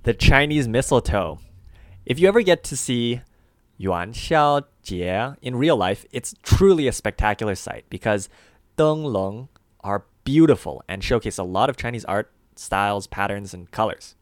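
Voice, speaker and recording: A man co-hosting a scripted language lesson, slowing down to name each syllable and its tone. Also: lowish voice, lively intonation, dry recording, studio quality.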